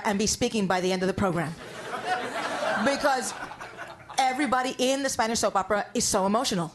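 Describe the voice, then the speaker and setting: A woman from New York doing a stand-up comedy set on stage. She talks in a wry, conversational way and builds each bit toward a punchline. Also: medium pitch. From New York, USA. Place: comedy stage before an audience.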